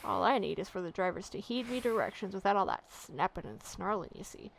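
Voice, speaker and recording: A woman's voice: mid-range voice, animated, fairly quick, vocal fry. A woman voicing a frazzled male traffic warden from a game who complains wearily in sailor dialect. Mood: put-upon.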